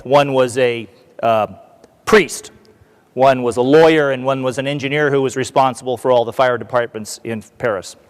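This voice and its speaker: An American man giving a conference talk as a keynote speaker, an animated storyteller who acts out what the crowd shouts. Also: mid-range voice, long reverb tail. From United States. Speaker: keynote speaker, retired army colonel. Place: large conference hall.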